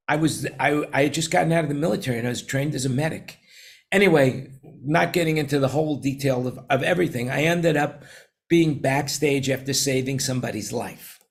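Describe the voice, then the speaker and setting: Rambling New York man telling stories. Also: medium pitch. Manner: rambling storyteller with many restarts. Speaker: show host. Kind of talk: casual roundtable chat.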